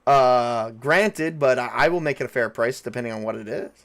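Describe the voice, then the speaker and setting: A man's voice: medium pitch, moderate pace, a bit bright. A man running a tabletop game as game master, talking loosely with many fillers and restarts.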